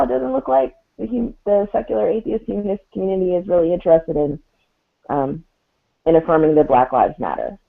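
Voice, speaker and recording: Gravelly man on a tinny phone line. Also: on the high side. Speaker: panelist. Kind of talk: panel discussion. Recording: tinny phone-like call audio.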